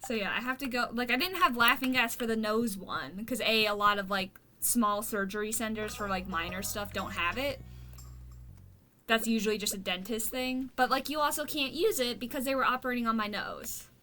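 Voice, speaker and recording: A woman's voice: fairly high pitch, moderate pace, sharp tone, slight background noise. A woman streamer chatting casually while gaming, venting in a blunt, profane way.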